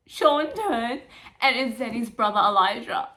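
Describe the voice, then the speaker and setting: A young woman chatting casually in a book vlog, animated and emotional, swearing freely as she gushes about characters. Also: a little high, a little slow. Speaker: book vlogger. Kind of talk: casual chat.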